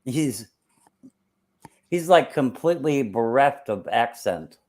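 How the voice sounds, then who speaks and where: A man chatting casually as a guest, talking in a halting, wordy way with many pauses and rather formal word choices. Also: medium pitch, lively intonation, a little mellow. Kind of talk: casual chat.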